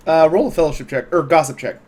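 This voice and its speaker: A man running a tabletop role-playing game, narrating scenes in a slightly high voice. He speaks easily, often pausing on filler sounds. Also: darkish tone. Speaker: game master.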